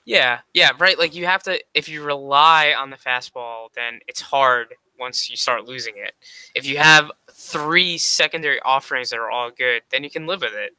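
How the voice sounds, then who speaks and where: Joking podcast guy, really bright crisp voice, dry close sound. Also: mid-range voice, normal speed, no echo, low-quality recording. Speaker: podcast co-host. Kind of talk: casual sports podcast chat.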